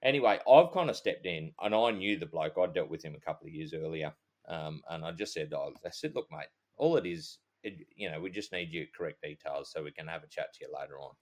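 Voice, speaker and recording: Deep-voiced Australian man telling a story. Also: lively intonation, fairly quick, a little mellow. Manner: swearing, rambling anecdote with quoted dialogue. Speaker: podcast co-host, police officer. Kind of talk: casual storytelling.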